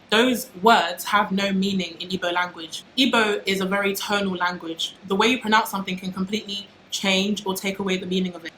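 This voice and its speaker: A woman's voice: medium pitch, fairly bright tone, slight background noise. Young British woman, vlogger, dramatic and emphatic, echoey room with faint ambience. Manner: passionate, dramatic, emphatic with repeated phrases. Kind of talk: casual talk to camera.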